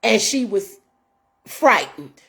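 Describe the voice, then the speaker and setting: Her voice is medium-pitched, slightly rough, and full of vocal fry, delivered slowly but with great animation. She's a woman in her fifties running her own show, earnestly and casually telling viewers a story, reading out messages, and calling them "y'all."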